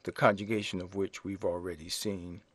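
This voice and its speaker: A man teaching a French lesson in English, explaining grammar slowly and spelling out words letter by letter. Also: low-pitched, level tone, fairly bright tone, breathy edge, no room sound. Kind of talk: slow classroom explanation.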